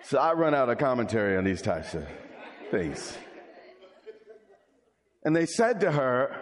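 Lively, animated male preacher. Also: medium pitch, measured pace, long pauses. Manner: animated, playful, acts out quotes and jokes with the congregation. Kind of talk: sermon.

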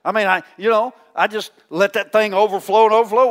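A male pastor preaching a folksy, teasing sermon, swinging between loud calls and hushed asides. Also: sits high, steady tone, brisk, few pauses, in a large hall.

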